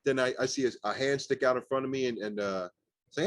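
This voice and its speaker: Young male rapper guest, animated and profane, lots of fillers, dry close mic. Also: medium pitch, fairly quick, no echo. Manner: animated, swearing, many "like" fillers. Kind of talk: casual storytelling interview.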